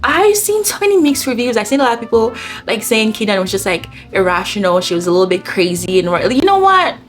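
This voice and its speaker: A young woman vlogger chatting casually and gushing about books, swinging from low murmurs to excited bursts. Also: fairly quick, faint music behind. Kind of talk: casual chat.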